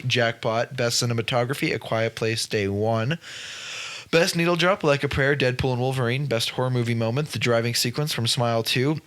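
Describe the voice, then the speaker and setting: A man's voice: mid-range voice, a bit bright. A man co-hosting a casual podcast, reading his award picks and talking loosely, often stumbling over names and apologizing. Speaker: podcast co-host. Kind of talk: casual chat.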